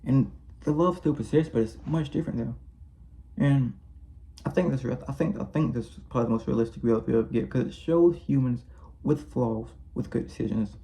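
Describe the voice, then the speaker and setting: A man's voice: medium pitch, fairly quick, warm tone, husky. A man talking through a film in a casual review monologue. He gushes and rambles, often restarting and correcting himself mid-sentence. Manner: rambling and effusive, with many restarts and self-corrections.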